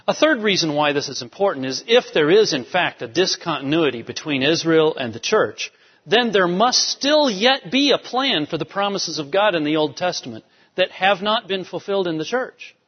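A man's voice: high voice, expressive, moderate pace, slightly rough. A man preaching a sermon, emphatic, driving home key phrases by repeating them. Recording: dull lo-fi sound with long hall reverb.

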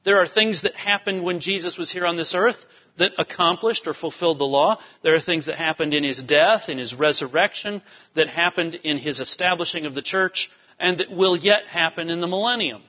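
Male pastor, high voice, emphatic sermon delivery; dull, echoey church-hall sound. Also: fairly quick. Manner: animated, emphatic preaching with asides to the congregation.

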